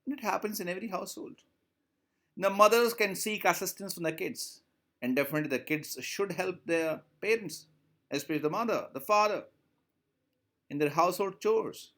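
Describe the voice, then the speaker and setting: A man's voice: high voice, lively intonation, normal speed, a bit bright. A man teaching in Indian English, explaining a short story to students, repeating lines and asking questions. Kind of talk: classroom lesson explaining a story.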